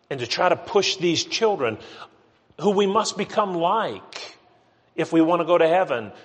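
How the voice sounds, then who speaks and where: A middle-aged man delivers a sermon in a relaxed, storytelling way, often restarting his sentences. His voice sits at an ordinary mid pitch. The sound carries the long reverb of a large church hall. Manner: conversational storytelling with frequent restarts. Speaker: pastor.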